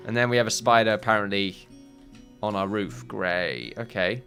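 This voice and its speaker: Guy muttering through a building game, bright tone, faint music behind. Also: fairly low pitch, fairly even intonation, fairly quick. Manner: thinks aloud, muttering, with sudden loud outbursts. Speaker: gaming video host. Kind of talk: casual gameplay commentary.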